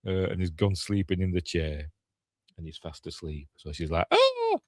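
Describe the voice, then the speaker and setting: A man's voice: deep voice, fairly even intonation, normal speed, a little mellow, dry recording, studio quality. An older man with a Yorkshire accent, rambling casually through a film breakdown with chatty asides and self-corrections. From Yorkshire, England. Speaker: film reviewer.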